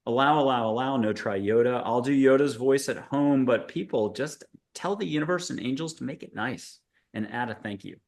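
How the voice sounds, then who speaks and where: A man's voice: medium pitch, normal speed. A man hosting a video-call panel, leading a guided meditation in a playful, rambling, punning way. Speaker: host.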